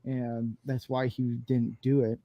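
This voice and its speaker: A man's voice: medium pitch, level tone, slow, no room sound, lo-fi sound. A man hosting a casual panel talk show, rambling and laughing as he restarts his sentences. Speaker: podcast host.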